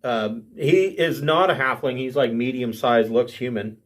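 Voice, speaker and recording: A man's voice: mid-range voice, measured pace. A man narrating as game master of a tabletop game, restarting often and laughing along.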